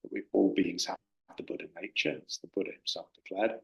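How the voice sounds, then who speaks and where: A man's voice: sits low, quick pace, vocal fry, a bit bright. A man teaching as a Buddhist teacher in a dharma talk, hesitant and full of fillers and restarts. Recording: roomy hall echo.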